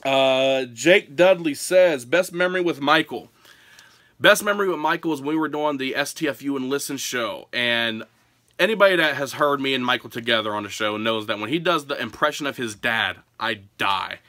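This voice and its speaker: A man from Pennsylvania telling stories and answering viewer questions in a casual, animated home vlog, often breaking into laughter. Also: mid-range voice, normal speed, no echo. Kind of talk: casual storytelling Q&A. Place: his home.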